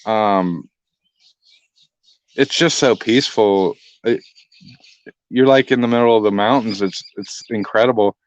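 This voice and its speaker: A man's voice: on the low side, unhurried, long pauses, no room sound, dull audio. A man telling a hunting story in casual chat, swearing a lot and acting out the voices. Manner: profane, animated, acts out voices.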